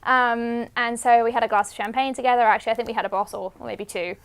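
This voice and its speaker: A woman's voice: fairly high pitch, steady tone, fast talker, clear, resonant tone. A young woman from England sharing a personal story in a documentary interview, chatty and upbeat. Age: young adult. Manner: chatty, lightly laughing storyteller.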